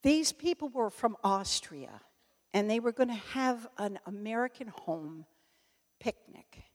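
A woman's voice: a little high, measured pace. An older woman telling humorous personal anecdotes to an audience, laughing and breaking off mid-sentence as she goes. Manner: animated, laughing, self-interrupting. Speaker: storyteller speaking to an audience. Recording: echoey hall.

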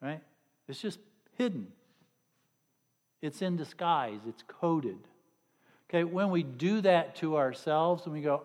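A man's voice: fairly high pitch, measured pace, long pauses, a little mellow. Middle-aged male preacher, chatty and sarcastic, live in a hall with long echo. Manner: conversational, joking, sarcastic asides to the congregation. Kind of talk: sermon.

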